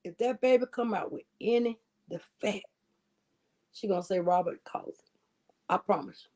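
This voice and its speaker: A woman hosting a casual gossip livestream, animated and laughing often, with drawling asides to her viewers. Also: mid-range voice, normal speed, long pauses. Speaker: livestream host.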